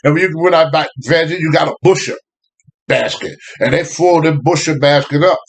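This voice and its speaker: An older man, telling family stories in a casual, animated way, often laughing. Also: a little high, fairly quick, creaky. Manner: animated, laughing, Southern US phrasing. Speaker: guest storyteller. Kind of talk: casual storytelling.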